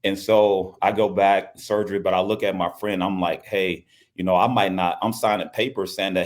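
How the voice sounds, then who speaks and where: A middle-aged man from Louisiana with a low, deep voice tells a personal story as an interview guest. He speaks earnestly and often repeats his phrases. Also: steady tone, normal speed, hardly any pauses. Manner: earnest, repeats phrases, acts out quoted speech. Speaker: basketball coach and guest.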